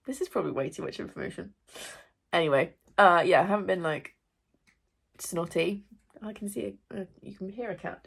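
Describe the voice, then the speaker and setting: Vlogger, young woman, congested from illness; low gravelly voice, chatty and apologetic. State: congested, ill. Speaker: booktuber, English teacher. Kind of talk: casual reading wrap-up vlog. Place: at home.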